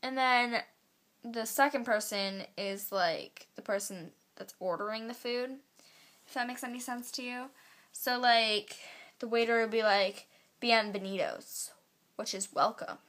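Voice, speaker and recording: A teenage girl vlogging at home into her camera's built-in mic, chatty and full of fillers, drawing her phrases out slowly. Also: on the high side, fairly bright tone. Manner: chatty, filler-heavy, drawn-out slow phrasing. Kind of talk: casual vlog, teaching basic Spanish phrases. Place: home, indoors.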